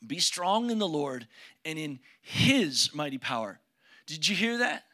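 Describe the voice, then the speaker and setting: A man's voice: fairly high pitch, sing-song, a little slow, sharp tone. A man preaching a sermon as pastor, casual and joking, asking his congregation questions as he speaks. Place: church sanctuary with congregation.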